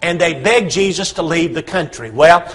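A man's voice: a little high, normal speed, a bit bright, husky. A man preaching a sermon, telling a Bible story with humor and acted-out voices.

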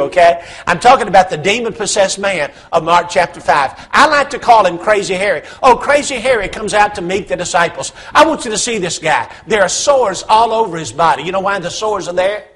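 A man's voice: sits high, a bit bright, breathy edge. A man preaching a sermon, telling a Bible story with humor and acted-out voices.

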